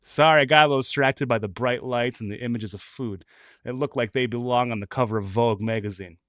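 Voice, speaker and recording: A man reading a comic story aloud in a mock-dramatic, animated way, laughing often. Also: medium pitch, fast talker, clean tone, no echo, clean studio sound. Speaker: reader of comic stories.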